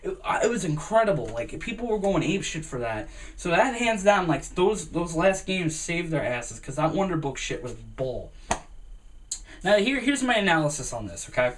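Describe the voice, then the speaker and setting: A young man giving a rambling, excitable gaming commentary, full of fillers and swearing. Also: on the high side, moderate pace, distant mic, a little hiss or hum. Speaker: gaming vlogger.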